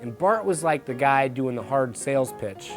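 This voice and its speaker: Man, interviewee, mid-pitched, easygoing and chatty, faint music behind. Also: normal speed. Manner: relaxed, chatty, many fillers. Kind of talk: interview recollection.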